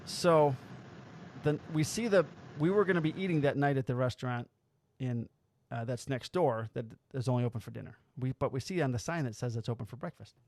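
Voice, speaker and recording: Animated swearing storyteller man. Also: medium pitch, no room sound, studio quality. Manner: animated storyteller, acts out quotes, swears freely. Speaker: podcast host. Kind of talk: casual chat.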